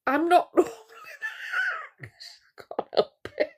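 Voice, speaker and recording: A woman's voice: high voice, lively intonation, slow pace, gravelly. A woman hosting a casual live stream, chatting to viewers in a gossipy, teasing way.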